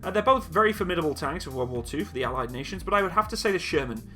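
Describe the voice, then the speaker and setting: A man's voice: on the high side, animated, very fast, pushed and bright, soft background music. A man hosting a live-stream Q&A. He reads viewers' chat questions aloud and answers each in a casual, joking, self-mocking way. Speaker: military video channel host.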